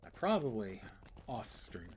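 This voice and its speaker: A man's voice: fairly low pitch, sing-song, unhurried. A middle-aged man streaming a game, thinking aloud in a musing, wry, rambling way with sighs. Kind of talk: casual gameplay commentary, thinking aloud.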